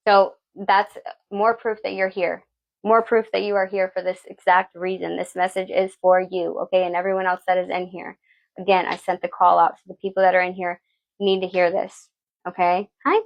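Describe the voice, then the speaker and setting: Woman doing a tarot reading, gravelly voice, blunt and sweary, keeps saying okay, lo-fi sound. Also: mid-range voice, little pitch movement, moderate pace. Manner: blunt, profane, preachy, repeats "okay?". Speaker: tarot reader. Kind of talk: live tarot reading talk.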